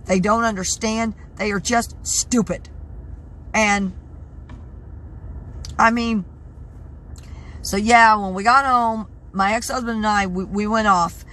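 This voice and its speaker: A tired woman in her sixties talking in a casual vlog, stressed and halting, often repeating herself and restarting sentences. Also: mid-range voice, fairly even intonation, fairly bright tone. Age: 60s. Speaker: vlogger. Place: in her truck at a truck stop.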